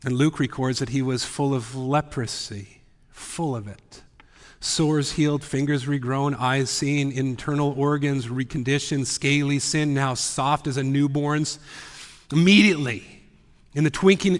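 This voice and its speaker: Guy preaching, keeps dropping to a whisper, kinda high voice, long church echo. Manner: dramatic, drops often to a whisper. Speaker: pastor. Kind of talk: sermon. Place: church sanctuary.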